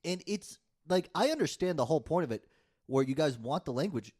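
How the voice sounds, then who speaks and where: A man's voice: fairly high pitch, expressive, brisk, darkish tone. A man, co-hosting a casual podcast chat and ranting heatedly with plenty of swearing. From United States. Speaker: podcast co-host.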